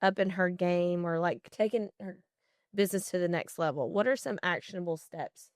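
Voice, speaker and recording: A woman's voice: lowish voice, moderate pace, dry recording, studio quality. A woman co-hosting a podcast who chats casually, reacts with encouragement, and asks the guest questions. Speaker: podcast co-host. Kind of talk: casual chat.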